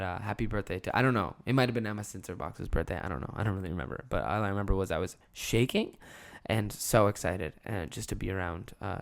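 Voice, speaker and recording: A young man hosting his podcast solo, telling a childhood story with lively swearing and acted-out quotes. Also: sits low, vocal fry. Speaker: podcast host and comedian.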